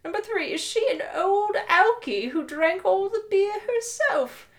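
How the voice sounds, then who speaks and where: A snide, gossipy British mum with a put-on accent, listing her complaints in a high voice, as a woman reads her out. She sounds snooty and a little mocking. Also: animated, measured pace.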